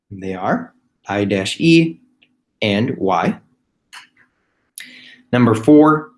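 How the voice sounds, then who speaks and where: A man teaching a phonics lesson to young children. He spells words letter by letter, slowly and patiently. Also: fairly low pitch, big pitch swings. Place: home, recorded remotely.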